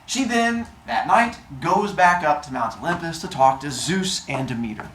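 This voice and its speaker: A man's voice: fairly high pitch, animated, moderate pace, a bit bright. A male teacher tells a story to his class in a casual, joking way. His voice moves up and down a lot, and it echoes through the classroom. A faint hiss sits under the recording. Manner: casual, jokey, modern slang.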